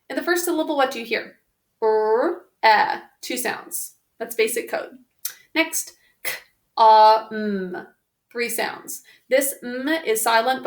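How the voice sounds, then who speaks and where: A woman teaching a spelling lesson on video, patiently sounding out words one sound at a time. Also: on the high side. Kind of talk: slow, careful spelling lesson. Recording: roomy echo.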